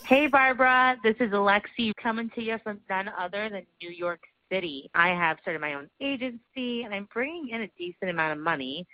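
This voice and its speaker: Woman caller, low voice, eager, dry dull recording. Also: no echo. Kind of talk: recorded voice question.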